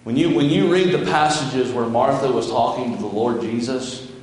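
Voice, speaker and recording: Folksy pastor preaching in echoey church. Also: male voice, medium pitch, moderate pace, darkish tone, slight background noise. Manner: folksy, conversational preaching, reads scripture aloud. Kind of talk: sermon. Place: church sanctuary. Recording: very echoey church hall with long reverb.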